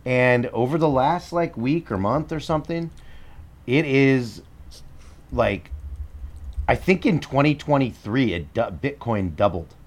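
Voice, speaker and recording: A man's voice: mid-range voice, expressive, unhurried. A man co-hosting a podcast in casual chat, making blunt, dismissive remarks and moving the show through its segments. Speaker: podcast co-host.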